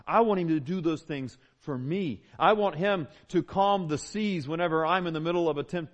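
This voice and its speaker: In a church, a Southern US man with a slightly high voice preaches a sermon as pastor at a moderate pace. His delivery is conversational and emphatic, leaning on repeated phrases.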